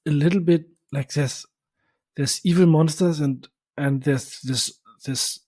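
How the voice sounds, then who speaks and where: A man's voice: on the high side, measured pace, dark tone, no room sound. A man co-hosting a casual podcast, reacting and describing things hesitantly, often trailing off. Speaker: podcast co-host.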